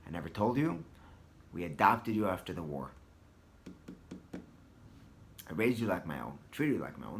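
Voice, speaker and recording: A man voicing a frail elderly father who speaks slowly and quietly. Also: medium pitch. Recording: guitar music behind.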